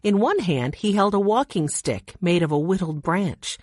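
Calm, steady audiobook narration from a woman with a low voice. The recording is very dry and close, with no room sound. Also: normal speed, dry recording.

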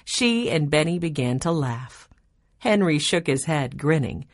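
A woman narrating a children's storybook with a low, husky voice. Her reading is expressive, with lively rises and falls in pitch. The sound is dry and close. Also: measured pace, no echo.

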